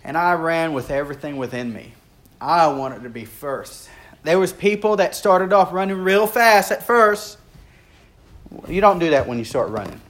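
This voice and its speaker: A man preaching a sermon, telling a story earnestly and swinging between rising intensity and hushed, quiet stretches. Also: expressive, normal speed. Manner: earnest, builds in intensity and then drops low and quiet.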